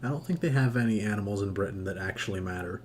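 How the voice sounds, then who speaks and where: A man's voice: fairly low pitch, quick pace, slight background noise. A man from the United States chatting casually while streaming, joking crudely and laughing often. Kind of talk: casual chat.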